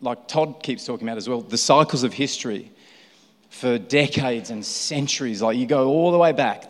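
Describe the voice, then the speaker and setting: A man in his forties preaching and praying at church in an emotional, rambling way with many restarts. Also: mid-range voice. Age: 40s. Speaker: guest preacher. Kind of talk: church sermon. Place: large church hall. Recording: long hall reverb.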